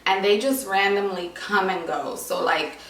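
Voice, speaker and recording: A woman's voice: medium pitch, unhurried, fairly bright tone. A young woman giving a casual vlog update, talking with lots of fillers and sounding a little short of breath. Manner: chatty, many "like" and "um" fillers. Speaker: vlogger. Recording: echoey room, voice a bit far from mic.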